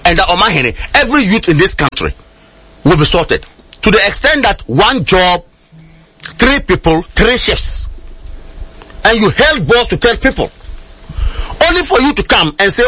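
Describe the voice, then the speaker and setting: Animated high-voiced Ghanaian man. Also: normal speed, pauses often, breathy edge, no echo. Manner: emphatic, switching between Twi and English. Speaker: political commentator. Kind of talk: radio panel discussion.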